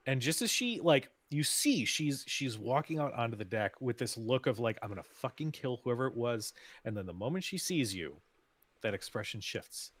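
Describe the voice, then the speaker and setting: A man's voice: mid-range voice, very animated, normal speed, a bit bright, breathy edge, no echo. A man narrating as game master of a tabletop game, loose and laughing often.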